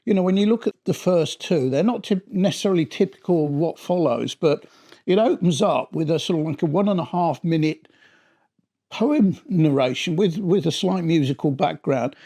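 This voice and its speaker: A middle-aged man talks through an album in a casual, rambling review, often doubling back on his words. His voice sits a little high and has a gravelly, creaky edge. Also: expressive, normal speed, dark tone. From Britain. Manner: chatty and rambling, often restarting his sentences.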